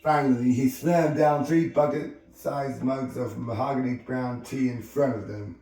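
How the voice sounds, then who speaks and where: A man's voice: mid-range voice, fairly even intonation, dark tone, distant mic. Man reading aloud in an echoey room. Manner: halting, with frequent slips and restarts. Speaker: reader. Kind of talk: amateur audiobook reading. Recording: very echoey room, voice off-mic, faint music.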